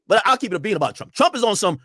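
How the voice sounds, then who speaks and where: A man hosting a casual talk show, commenting on the news in an animated, profane way and acting out quotes. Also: high-pitched, racing, breathy edge, no room sound. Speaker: show host.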